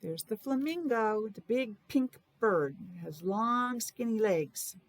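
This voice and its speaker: Reading a picture book to young kids, this Rhode Island–accented teacher sounds out each letter slowly and repeats words in a sing-song manner. Her voice sits a little high and is animated.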